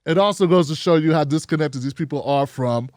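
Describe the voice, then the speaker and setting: Man, commentary host, opinion monologue, rhetorical questions, fairly high pitch, dry sound. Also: a little fast, no room sound. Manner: blunt, animated, rhetorical questions.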